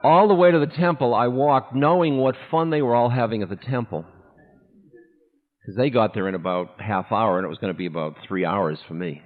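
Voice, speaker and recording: A man tells a personal story to an audience with candid, self-mocking humor that breaks into laughter. His voice sits at an ordinary male pitch and is heard in a hall with long reverb. The sound is dull and muffled, like an older recording. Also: brisk. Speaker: spiritual teacher.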